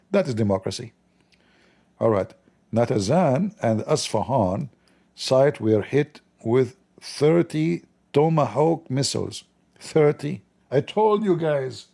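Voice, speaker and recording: Male stream host, sarcastic and mock-outraged, husky dark voice. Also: mid-range voice, expressive, slow pace, pauses often. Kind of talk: joking live news commentary.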